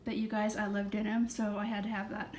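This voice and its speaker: A woman's voice: medium pitch, flat delivery, brisk, darkish tone. A woman chatting to her viewers in a bubbly, jokey way while out of breath, filming her bedroom on a handheld phone. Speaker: vlogger. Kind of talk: casual chat to viewers. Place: bedroom indoors. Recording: echoey room, faint ambient noise.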